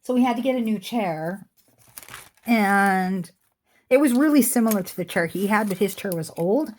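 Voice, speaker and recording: An animated middle-aged woman with a mid-range voice and moderate pace chats casually while presenting jewelry she sells online. She rambles into asides in a home room where a chair squeaks.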